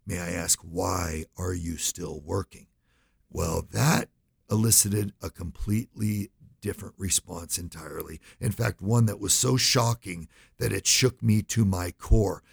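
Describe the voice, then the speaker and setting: A man's voice: on the low side, normal speed, creaky, husky. A middle-aged man, a financial advisor, telling a story in an interview and acting out the voices he quotes.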